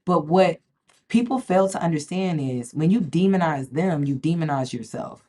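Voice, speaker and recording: A woman's voice: low-pitched, animated, moderate pace, mellow. A woman, talking casually and emphatically to camera as a spiritual vlogger, repeating herself and often asking "okay?". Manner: emphatic, repeats words, keeps checking in with "okay?". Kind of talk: casual direct-to-camera talk.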